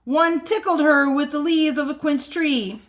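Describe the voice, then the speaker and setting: A woman reading a children's picture book aloud for a library storytime, playful and expressive, at home. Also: high voice, a little slow.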